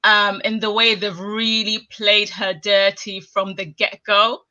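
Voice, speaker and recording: A woman's voice: mid-range voice, flat delivery, takes it slowly, sharp tone, dull audio. A woman chatting on a live stream, talking emphatically in long run-on stretches with an indignant edge. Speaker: guest commentator. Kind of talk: casual live-stream chat.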